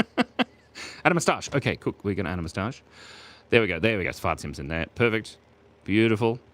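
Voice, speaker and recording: A man's voice: on the low side, very animated, brisk, a bit bright. A man with an Australian accent, casually chatting and joking with his chat while he draws. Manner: playful, jokey, reads chat aloud and laughs often. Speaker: streamer drawing live for chat. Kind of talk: casual live drawing stream.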